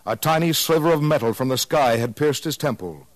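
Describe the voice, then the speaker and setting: A man narrating a scripted radio documentary in a measured, solemn way. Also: medium pitch, no room sound.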